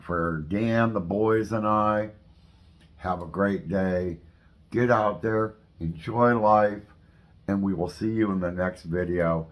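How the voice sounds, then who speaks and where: A man's voice: low voice, slow pace. A man hosting a home cooking video, chatting casually while he tastes his dessert. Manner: chatty, relaxed, tasting while talking. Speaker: cooking channel host.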